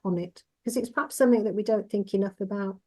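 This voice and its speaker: In a relaxed podcast conversation, a woman who trains driving instructors explains things in a measured, reassuring way. Her voice is medium in pitch with a warm tone.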